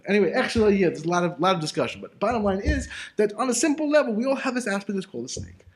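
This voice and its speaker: A man's voice: sits high, big pitch swings, rapid-fire. A man teaching an informal Torah class in a loose, conversational way, full of casual fillers and rhetorical questions. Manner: asks himself rhetorical questions.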